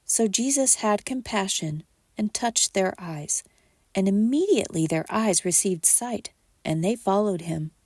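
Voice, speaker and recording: A woman hosting a podcast, reading scripture aloud at a measured pace and lifting her voice for quoted speech. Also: mid-range voice, animated, darkish tone, dry recording, studio quality.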